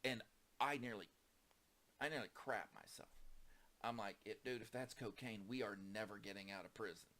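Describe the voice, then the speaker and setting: A man telling a long personal anecdote in a casual, animated way, acting out the people in it. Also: on the low side, moderate pace. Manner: animated, acts out quoted voices, rising to excited peaks. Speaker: storyteller. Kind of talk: casual storytelling.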